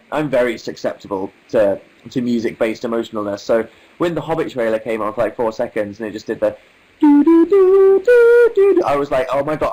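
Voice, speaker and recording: A man's voice: medium pitch, poor audio. Young man, English accent, livestream host, wry, articulate, casual chat. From England. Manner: wry, articulate, reads chat aloud with amused asides.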